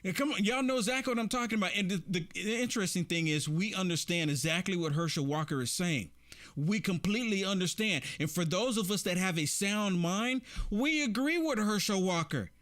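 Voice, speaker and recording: A man with a high voice hosts a commentary show and reacts to clips. He talks emphatically and keeps repeating rhetorical questions to his audience. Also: fairly quick, a bit bright. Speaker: political commentary host.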